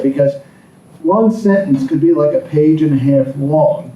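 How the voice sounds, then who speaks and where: A man's voice: mid-range voice, unhurried, warm tone. A man giving a political science lecture in a classroom, rambling with frequent ums and asides. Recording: echoey classroom from far off.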